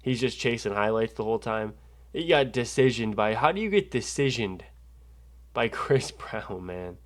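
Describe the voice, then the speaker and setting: A man's voice: on the low side, lively intonation, moderate pace. A man casually breaking down fights and making picks, profane and ranting, getting worked up as he argues. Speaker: MMA betting analyst.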